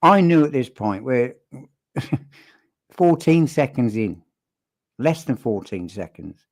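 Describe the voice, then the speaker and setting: A man talks his way through an analysis of an interview in a loose, off-the-cuff manner. He is blunt and sardonic, and he stumbles and restarts as his thoughts run ahead of him. His pitch sits in an ordinary middle range for a man. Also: very animated, slow, a little mellow. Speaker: statement analysis commentator. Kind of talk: casual analytical commentary.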